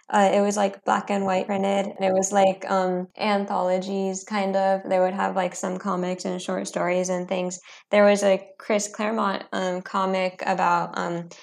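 Gravelly-voiced woman co-host chatting. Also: mid-range voice, darkish tone. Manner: rambling, hesitant, many fillers. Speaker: podcast co-host. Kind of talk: casual chat.

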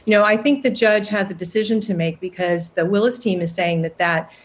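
Measured woman giving legal analysis. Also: mid-range voice. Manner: measured, explanatory. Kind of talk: news interview analysis.

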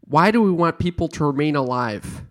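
A man co-hosting a casual podcast, rambling and musing aloud with halting restarts. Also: on the high side, animated. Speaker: podcast co-host.

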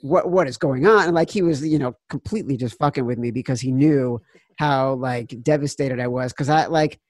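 Excited podcast guy in his 40s, dry close mic, jumps loud when quoting people. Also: mid-range voice, brisk, no echo. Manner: animated storyteller, acts out quotes loudly. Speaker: podcast co-host. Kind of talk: casual sports betting chat.

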